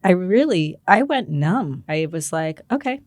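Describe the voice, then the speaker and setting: Woman in her forties, low voice, dry close mic, animated storyteller voicing others' lines. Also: unhurried, no room sound. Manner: animated, acts out quoted dialogue with laughs. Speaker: podcast guest. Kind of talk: candid personal storytelling.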